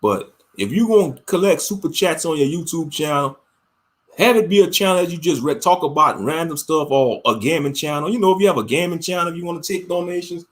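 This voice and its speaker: A male online commentator with a fairly high voice, talking loosely in slang. He preaches in a casual way and laughs often as he goes. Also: animated, fairly quick.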